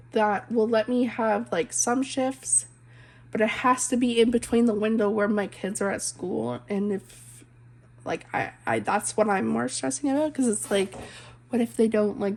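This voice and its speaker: A woman's voice: on the high side, vocal fry, darkish tone. A woman in her twenties, a stay-at-home mom, chatting casually and rambling while she colors, full of "like" and "um". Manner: rambling, heavy use of "like" and "um", self-interrupting.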